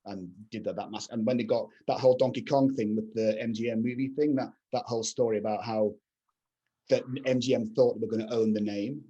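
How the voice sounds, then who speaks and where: A man's voice: lowish voice, steady tone, fairly quick, warm tone, muffled recording. A middle-aged man, a guest video game composer, rambling through anecdotes with lots of "you know" fillers in casual chat. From England.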